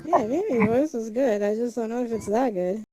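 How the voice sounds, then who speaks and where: A woman's voice: fairly high pitch, normal speed, over a noisy crowd, low-quality recording. A woman livestreamer in casual chat, muttering to herself as she sets things up and humming nonsense syllables. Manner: chatty, mutters to herself while setting up; hums and sings nonsense syllables.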